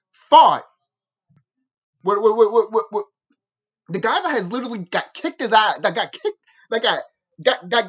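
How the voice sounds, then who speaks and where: A man whose voice sits high rambles through a casual video review, animated and heavily profane, laughing often. The audio is dull.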